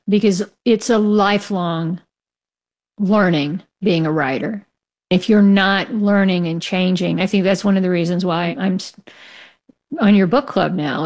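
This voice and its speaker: A frank, opinionated woman speaks as a guest author in a casual interview. Her low voice has a gravelly fry, and she drops in short laughs. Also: a little mellow. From United States.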